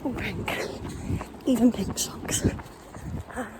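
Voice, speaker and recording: A woman's voice: fairly high pitch, slow pace. Breathless young woman vlogging on a run. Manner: chatty, upbeat, informal. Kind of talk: casual running vlog. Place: outdoors on runs. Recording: noisy outdoor phone recording.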